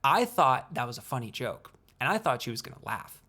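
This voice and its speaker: A young man, a student video creator, explaining things in a casual vlog, playful and unhurried, with deliberate pauses. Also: medium pitch, sing-song, sharp tone, breathy edge.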